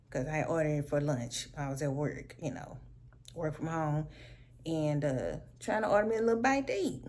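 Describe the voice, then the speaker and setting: A woman telling a casual storytime vlog at home, animated and sassy, laughing often. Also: low voice, normal speed, a little hiss or hum. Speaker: vlogger.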